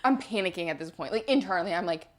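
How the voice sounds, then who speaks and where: This young woman's voice is on the low side, animated and very fast as she co-hosts a podcast. In casual chat, she tells stories and acts out quotes.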